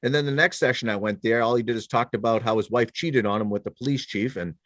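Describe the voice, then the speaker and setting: Middle-aged male ex-cop guest, animated self-deprecating storyteller, dead-dry studio sound. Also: medium pitch, fast, no room sound. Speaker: guest, former police officer and military veteran. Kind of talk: casual podcast conversation.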